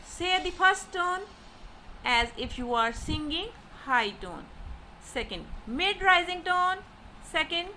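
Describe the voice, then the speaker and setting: A woman giving a slow lesson as a language teacher, saying example syllables one by one with exaggerated rises and falls. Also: high voice, sharp tone, a little hiss or hum. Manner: deliberate, repeats example syllables with exaggerated tones. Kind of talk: slow explanatory lesson narration.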